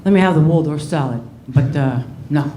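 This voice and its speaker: A woman doing an impression of a gruff, older tough-guy mobster who mumbles threats with a drawn-out "uh". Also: sits low, mellow, reverberant, slight background noise, pitched below the performer's own voice, lightly acted. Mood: menacing. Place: comedy club stage.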